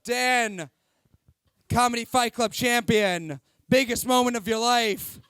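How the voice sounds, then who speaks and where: Booming, drawn-out ring announcer man. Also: steady tone, fairly bright tone, clear, resonant tone, no echo, studio quality. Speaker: fight announcer. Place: comedy club stage.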